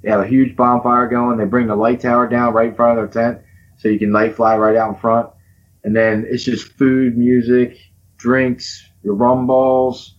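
A man's voice: mid-range voice, flat delivery, normal speed, muffled recording. A man chatting on a hobby podcast, enthusiastic and slangy, saying "dude" and "man.". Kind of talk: casual chat.

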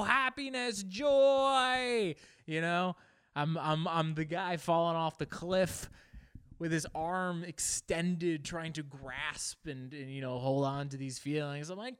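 A man's voice: on the high side, smooth, no echo, studio quality. A man giving a casual, reflective monologue, musing and searching for words as he talks.

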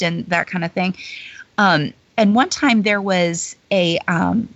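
A woman who once performed as a theme-park character is a guest on an interview show, telling anecdotes in casual, chatty talk full of fillers and frequent laughter. Her voice is fairly low and she takes it slowly. The recording is dull, lo-fi and dry.

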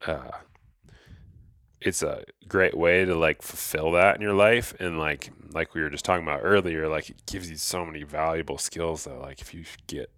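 A man's voice: a bass voice, normal speed, a bit bright, no room sound, clean studio sound. A man co-hosting a podcast, chatting casually and loosely, with lots of filler words. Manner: laid-back, heavy use of "like". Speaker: podcast co-host.

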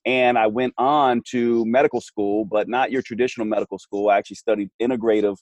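A middle-aged man, a physician guest on a podcast, talking in a relaxed, chatty way with plenty of fillers. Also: on the low side, fairly quick, dry recording. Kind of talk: conversational interview.

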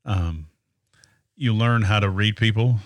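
A man's voice: on the low side, measured pace, no echo. A man chatting as a podcast guest, telling stories in a talkative, easygoing way. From Atlanta area, US. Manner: chatty storyteller. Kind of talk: casual chat.

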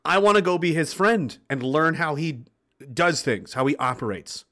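On the high side and expressive, this man's slightly bright voice moves at normal speed. He hosts a livestream, reading comments from viewers and ranting about politics with blunt, swearing intensity.

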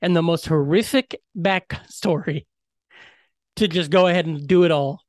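A man co-hosting a podcast in casual chat, animated and joking, swearing often as he jumps between topics. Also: fairly high pitch, unhurried, dry recording, clean studio sound. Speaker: podcast co-host.

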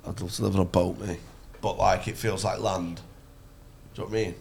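Gravelly man, rambling banter. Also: low-pitched, level tone, brisk, a little mellow, a little hiss or hum. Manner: rambling, jokey, swearing. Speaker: podcast host. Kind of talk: casual banter.

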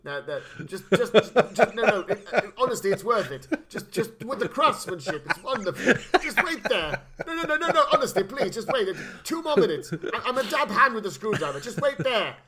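A man's voice: high-pitched, sing-song, brisk, few pauses, crowd noise, pitched above the performer's own voice. Man doing a flustered door salesman. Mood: wheedling. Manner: wheedling, flustered, laughing through it. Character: pushy bumbling male door salesman.

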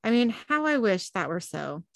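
A woman reading the lines of a sly male demon torturer, in a mock-gentle, taunting way, during a show recap. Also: medium pitch, big pitch swings, moderate pace, gravelly, no room sound.

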